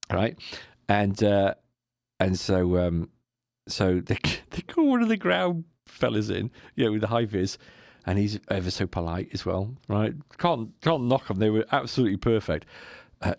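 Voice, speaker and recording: A man telling a lively anecdote on a podcast, slipping into mimicked voices and laughing as he goes. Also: fairly low pitch, normal speed, creaky, no room sound, studio quality. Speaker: podcast co-host. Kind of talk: casual storytelling chat.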